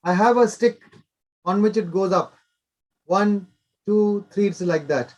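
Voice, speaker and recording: A man's voice: high voice, measured pace, darkish tone. An older man, a doctor explaining in an interview with short, instructive directives.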